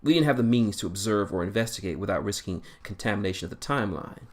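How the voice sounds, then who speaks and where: A calm starship captain from a read-aloud story, measured and quietly pressing. A man voices him low and even, close to his own voice. He never hurries his questions. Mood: probing.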